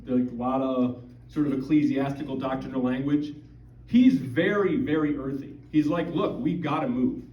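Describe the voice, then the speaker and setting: A man's voice: medium pitch, moderate pace. Middle aged montana guy giving a punchy talk at church, lots of rhetorical questions, echoey room, kinda muffled. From Montana, USA. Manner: conversational and emphatic, with many rhetorical questions. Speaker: guest speaker at a parish. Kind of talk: public talk to a church audience. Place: parish hall or church. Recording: dull, roomy, distant hall recording.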